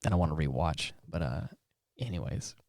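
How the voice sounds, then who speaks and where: A man co-hosting a podcast in casual chat, rambling and halting, laughing often. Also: a bass voice, a little mellow, no room sound, clean studio sound. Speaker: podcast co-host.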